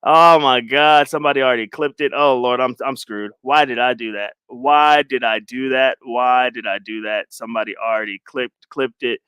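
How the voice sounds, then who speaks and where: A man's voice: medium pitch, fairly even intonation, moderate pace, hardly any pauses, fairly bright tone, clear, resonant tone, dry recording. A man hosting a live stream in casual chat, rambling and self-mocking, often repeating his phrases. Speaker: livestream host.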